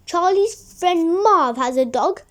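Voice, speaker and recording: A woman's voice: very high voice, animated, slow pace, pitched above the performer's own voice, heavily acted. A woman voicing a stubborn little girl. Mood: insistent. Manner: storybook reading aloud. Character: small girl, stubborn and dreamy.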